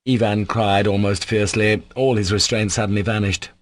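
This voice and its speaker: A man narrating a classic novel as an audiobook, in a measured storytelling manner. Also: lowish voice. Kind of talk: scripted literary narration.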